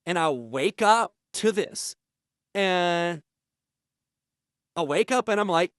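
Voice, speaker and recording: A man telling an absurd prison story in an earnest, deadpan way. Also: high voice, slow, long pauses, clear, resonant tone, dry recording, studio quality. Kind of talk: comedic storytelling.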